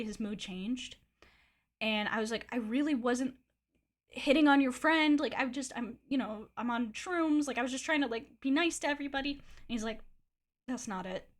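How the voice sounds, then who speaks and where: A young woman streamer telling a long personal story in a casual, animated way, acting out quotes and swearing freely. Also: fairly high pitch.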